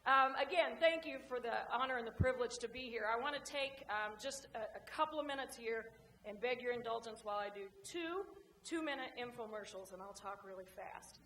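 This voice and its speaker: A woman with a fairly high voice speaks at a podium to a lunch crowd, folksy and quick to joke. Her voice bounces around a large echoey room with a faint hum underneath. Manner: folksy storyteller, lively and warm with the crowd. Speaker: guest speaker, women's basketball coach. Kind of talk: after-lunch club speech with jokes.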